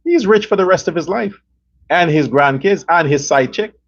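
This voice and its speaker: A man with a high, husky voice rants in a heated, profane and repetitive way. He hosts a political commentary show. The recording sounds dull and lo-fi. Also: expressive, moderate pace. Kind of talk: angry political rant.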